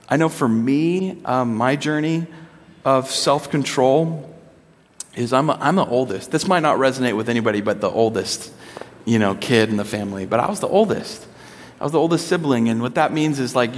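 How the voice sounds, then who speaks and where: A man in his thirties preaching to a congregation, telling personal stories in an animated way and acting out his children's voices. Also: medium pitch, in a large hall. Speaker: speaker addressing a congregation.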